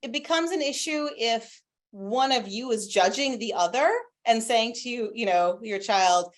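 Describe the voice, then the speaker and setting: A woman's voice: on the high side, moderate pace. A woman guest expert on a video call from home, talking animatedly about parenting and sharing stories from her own family. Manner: warm, animated, with anecdotes. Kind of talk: conversational expert answers.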